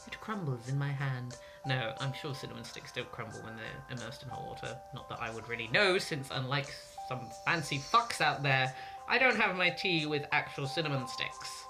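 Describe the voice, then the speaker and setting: A woman's voice: extremely low pitch, normal speed. A woman casually commenting while playing a story game, sarcastic and swearing freely. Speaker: gaming video host. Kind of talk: casual let's-play commentary. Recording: loud game music behind.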